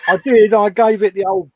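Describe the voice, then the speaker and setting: Dry-sounding joking bloke. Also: male voice, high-pitched, no echo. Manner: joking, self-mocking, laughs often. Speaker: live stream host. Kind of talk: casual banter.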